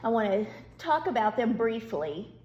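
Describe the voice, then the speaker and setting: A woman teacher, giving a virtual lesson to young students in a slow, patient and reassuring way. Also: a little high, big pitch swings, lo-fi sound. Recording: echoey room.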